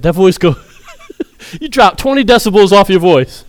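A man's voice: sits high, expressive, moderate pace, dry recording. A man preaching a sermon in a humorous, conversational way, often laughing.

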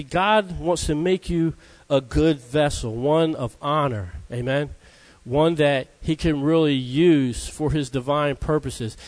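A man's voice: medium pitch, darkish tone. A man preaching a conversational sermon who keeps calling out "Amen?" to his listeners. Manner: conversational, calls out Amen to the congregation.

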